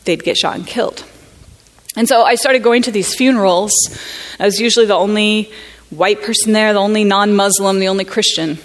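A woman from the United States gives a personal testimony at a conference, speaking in a middle-pitched voice. She talks earnestly and reflectively, pausing and restarting as she searches for words.

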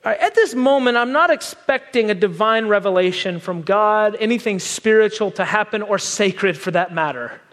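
A man with a high voice preaching on a microphone, spinning an animated, self-deprecating story. His words carry the long reverb of a large hall. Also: moderate pace, hardly any pauses. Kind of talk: sermon storytelling. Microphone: wearing a microphone.

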